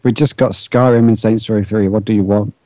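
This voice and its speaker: A man's voice: fairly low pitch, fairly even intonation, brisk, warm tone, dry recording, low-quality recording. A man co-hosting a casual gaming chat, with a dry, understated humor. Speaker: podcast co-host.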